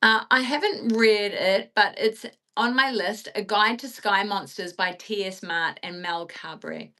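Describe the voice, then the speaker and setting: A woman's voice: medium pitch, measured pace, sharp tone. A woman co-hosting a casual livestream, chatting loosely with lots of ums and uhs. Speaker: podcast co-host.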